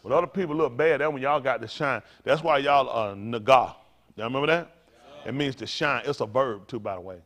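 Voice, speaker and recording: An older man preaching to a congregation, in a folksy, playful way with sudden loud bursts. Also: mid-range voice, fairly quick. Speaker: pastor.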